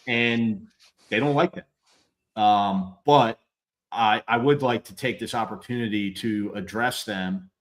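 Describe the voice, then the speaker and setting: A middle-aged man, a former police officer hosting a live show, talking candidly and bluntly with halting repeats and swearing. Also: fairly low pitch. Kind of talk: candid conversational chat.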